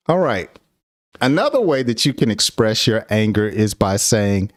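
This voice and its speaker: A man's voice: lowish voice, sing-song, moderate pace, dry recording, studio quality. A middle-aged man giving a casual English lesson, laughing often and acting out angry example phrases. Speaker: English teacher.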